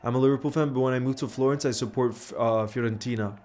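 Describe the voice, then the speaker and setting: A man's voice: mid-range voice, steady tone, fast talker. A man hosting a live football watch-along stream, chatting casually and reading out viewer messages between his reactions, in a laid-back, chummy way. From grew up largely in New York. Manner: laid-back and chummy, calling viewers "bro" and giving shout-outs. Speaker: livestream host of a match watch-along.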